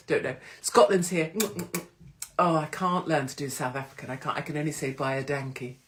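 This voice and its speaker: A woman's voice: low voice, a little fast. A woman hosting a casual live stream from her phone, irreverent and sweary, slipping into mocking voices. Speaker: host of a live social media stream.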